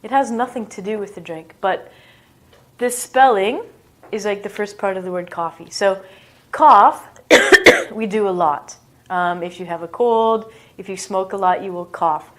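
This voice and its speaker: A woman with a mid-range voice, speaking at normal speed, gives a casual English lesson. As an English teacher, she's playful and self-mocking, acting out bodily noises as she explains them.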